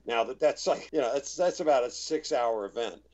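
A man's voice: mid-range voice, lively intonation, brisk, darkish tone. Chatty man telling set stories, muffled audio. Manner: chatty, many restarts, acts out quoted voices. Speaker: actor guest. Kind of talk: relaxed anecdotal storytelling. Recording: slightly dull, muffled audio.

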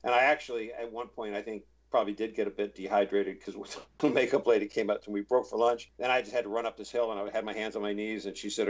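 A middle-aged man, an actor, telling rambling anecdotes in a relaxed interview and acting out the voices of people he quotes. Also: lowish voice, fast talker, hardly any pauses. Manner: chatty, many restarts, acts out quoted voices. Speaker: actor guest. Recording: slightly dull, muffled audio.

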